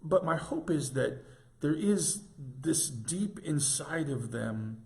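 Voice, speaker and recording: A man in his sixties, a pastor, giving an informal devotional reflection in a tender, halting way with gentle restarts. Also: a little high, expressive, gravelly.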